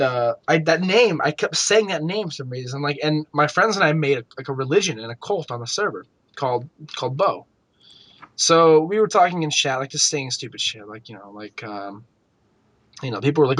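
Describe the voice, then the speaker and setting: A young man co-hosting a gaming podcast, telling a story in casual chat, swearing freely and acting out shouted quotes. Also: a little high, expressive, fairly quick, dry recording. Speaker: podcast co-host.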